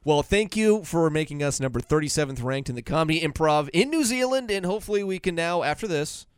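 A man's voice: a little high, lively intonation, fairly quick, clear, resonant tone, no echo. A man hosting a casual comedy podcast, teasing his co-host and rattling off fun facts.

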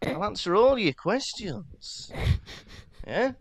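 A man putting on a gruff old wizard. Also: high voice, very animated, slow pace, no echo, voice pushed up, exaggerated voice. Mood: gruff, impatient. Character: gruff grizzled old male wizard, impatient and blunt.

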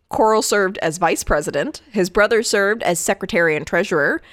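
A woman co-hosts a podcast, walking through a case story in a loose, chatty way full of asides and swearing. Her voice sits at a middle pitch. The sound is dry and close, with no room echo. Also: fairly quick, fairly bright tone. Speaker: podcast co-host telling a case. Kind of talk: casual chat.

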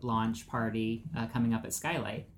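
A man hosting a radio podcast, introducing guests in a relaxed, casual way with plenty of fillers. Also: mid-range voice, moderate pace.

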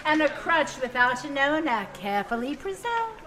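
A woman's voice: high voice, sing-song, moderate pace, heavy background noise. A woman playing a solemn spirit in a comedic live stage reading, stumbling over names. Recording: laughing audience. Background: crowd laughter.

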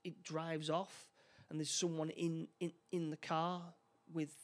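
Chatting casually, a man recaps a film's plot in a halting way, restarting often and acting out the characters' lines. His voice is on the high side and his tone stays level.

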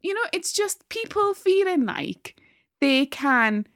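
Geordie woman ranting with lively pitch. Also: slow, no room sound, studio quality. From North East England. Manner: animated, ranting, swears freely, laughs often. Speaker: podcast co-host. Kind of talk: casual chat.

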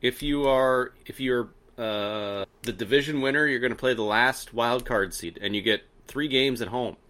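Man, sports podcast co-host, argumentative, halting. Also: medium pitch, a bit bright. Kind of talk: casual sports chat.

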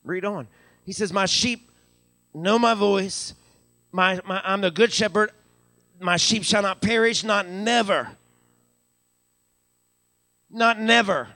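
In a church sanctuary, a pastor whose voice sits high, pushed and bright, delivers a live sermon a little slowly with long pauses. Building up, he stammers and repeats words, calls out hallelujah, and has a Western Pennsylvania accent. The audio is clean studio sound with no room sound.

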